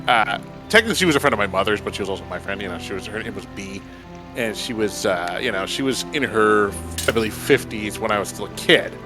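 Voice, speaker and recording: A man hosting a game stream in casual chat, an animated storyteller who acts out the voices of people in his stories. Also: fairly low pitch, fast, over music. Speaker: streamer host. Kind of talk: casual chat while gaming.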